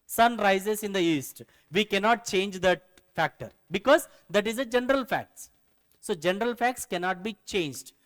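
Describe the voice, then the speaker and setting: A man's voice: sits high, fairly bright tone, smooth, big-room sound. A man teaching a grammar lesson, explaining rules step by step and repeating key phrases.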